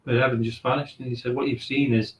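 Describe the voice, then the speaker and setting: A man's voice: medium pitch, level tone, fast talker. A man, a guest on a radio show, telling a ghost story in a rambling way and acting out what each person said. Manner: acts out quoted dialogue, rambling. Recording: echoey room.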